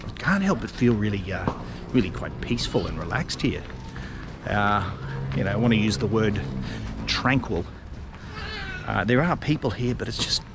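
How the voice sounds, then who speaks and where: Chatty Australian man walking in a park. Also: on the low side. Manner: rambling, chatty, with many fillers and restarts. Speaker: travel vlogger. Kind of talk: casual walking vlog narration. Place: outdoors in a city park. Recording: outdoor street and traffic noise.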